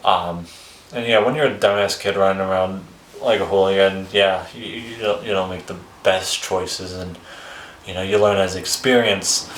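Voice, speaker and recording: A man's voice: sits low, steady tone, moderate pace, slight background noise. A man casually telling his life story on a vlog, rambling and swearing freely, with chuckles between phrases. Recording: roomy echo.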